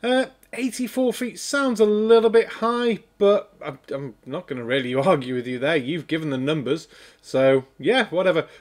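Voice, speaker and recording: A man's voice: a little high, animated, moderate pace. A man from Wales, hosting a sarcastic, swearing reaction commentary. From North Wales. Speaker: host.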